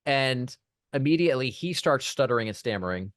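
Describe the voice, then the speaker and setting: A man speaking as a podcast guest, his voice sitting in an ordinary middle pitch. The sound is dry and close with no room echo. He tells his story casually, stacking up restarts as he goes. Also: brisk. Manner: animated anecdote teller, many restarts. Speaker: podcast guest, PR firm founder.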